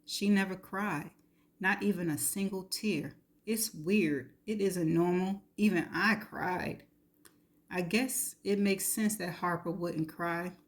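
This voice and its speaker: A woman reading a novel aloud in the first person, steady and intimate. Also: lowish voice, slow. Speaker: reader.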